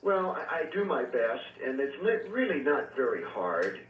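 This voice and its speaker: A man who is a reverend and exorcist, calling in as a radio guest and earnestly recounting his experiences with measured pauses and fillers. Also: medium pitch, sing-song. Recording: tinny phone line, echoey and distant, faint hiss.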